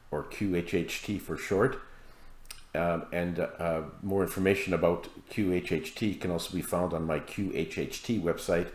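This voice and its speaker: A man with a very low voice tells his audience a story in a calm, measured monologue, now and then stopping on a filler. The sound is roomy, with echo around him. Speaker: author and hypnosis practitioner. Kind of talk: monologue to camera.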